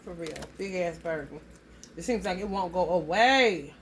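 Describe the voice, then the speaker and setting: A woman's voice: on the low side, moderate pace, noisy background. A woman giving a casual spoken reading to her viewers, blunt and heavily profane, rambling loosely as she talks. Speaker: astrology reading vlogger.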